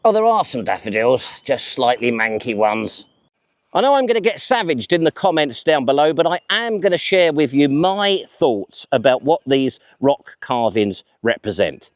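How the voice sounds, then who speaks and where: A man's voice: medium pitch, big pitch swings, moderate pace, no echo. A man hosting a vlog outdoors in a park, chatty, enthusiastic and self-mocking as he presents to camera. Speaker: vlog host.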